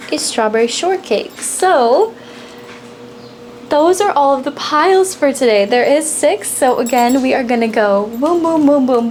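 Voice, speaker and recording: A woman's voice: high voice, darkish tone, slight background noise. A woman giving a casual pick-a-card tarot reading, bubbly and giggly, laughing often between sentences. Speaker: tarot reader.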